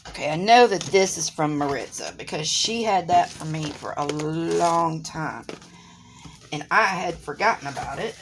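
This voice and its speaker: A woman hosts a casual unboxing chat, speaking slowly and on the lower side. She talks straight to her viewers with lots of excited exclamations. A faint hiss sits under the voice, recorded at a desk in her home. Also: vocal fry. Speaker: craft channel host. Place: home room with a desk by a window.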